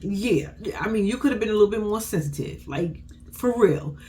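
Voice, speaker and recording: A woman's voice: animated, normal speed, mellow, a little hiss or hum. Sassy, blunt woman recapping a show. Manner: blunt, sassy, swings pitch when quoting people. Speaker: reality TV recap vlogger. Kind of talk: casual profane recap commentary.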